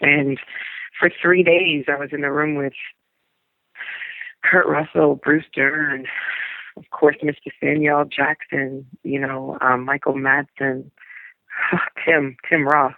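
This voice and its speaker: This gravelly, low-voiced woman is also an actor from New Orleans, USA, telling interview stories over the phone. She speaks slowly in a level tone, wandering and groping for words with many trailing restarts, and the recording sounds tinny and dry.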